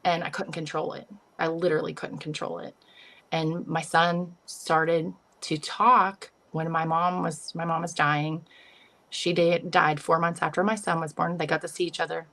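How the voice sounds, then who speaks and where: A woman with a low, gravelly voice sits as an interview guest and tells a personal story. She is a psychic medium who speaks earnestly and with feeling, often acting out her own past thoughts. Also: sharp tone. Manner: earnest and emotional, retelling with self-quotes.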